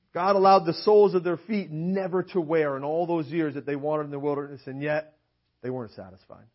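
This man, young to middle-aged, has a slightly high voice with a steady tone and talks fairly quickly. He's preaching emphatically in a church meeting hall, reading scripture aloud, checking in with the congregation, and rhetorically asking "right?" again and again. Dull lo-fi recording.

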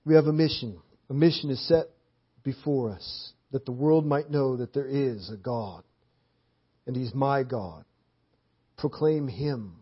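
A man with a slightly rough, mid-range voice preaches a little slowly in a church hall. He presses his points with emphatic repetition, keeping a steady preaching cadence. The sermon audio sounds dull and lo-fi.

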